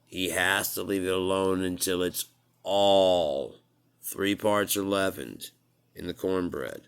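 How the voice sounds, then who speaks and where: A man's voice: deep voice, slow pace, vocal fry, smooth. A man in a rambling, profane casual monologue, chuckling at his own jokes.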